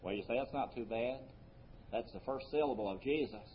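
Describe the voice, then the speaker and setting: Male preacher, mid-pitched, earnest sermon delivery with swelling emphasis; dull lo-fi recording. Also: brisk, a little hiss or hum. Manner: earnest preaching, rising emphasis then dropping soft. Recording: muffled lo-fi recording.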